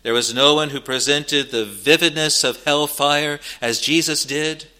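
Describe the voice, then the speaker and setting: A man preaching a sermon, slow and earnest, building to emphatic rises and pausing between phrases. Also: a little high, fairly even intonation, sharp tone.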